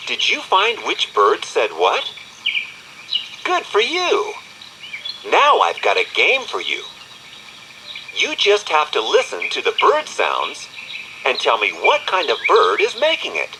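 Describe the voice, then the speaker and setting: A man's voice: mid-range voice, huge pitch swings, a little slow, noisy background. A man giving scripted narration for a children's audio magazine, coaxing and talking straight to the young listener. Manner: sing-song, coaxing, speaks directly to the child. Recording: studio voice-over with background music. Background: music.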